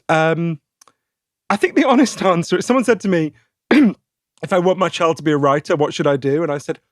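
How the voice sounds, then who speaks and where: A man in his forties with a posh British accent, answering interview questions in a chatty, animated way, laughing often and restarting his sentences. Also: on the high side, dry recording, studio quality. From Britain. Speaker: guest author.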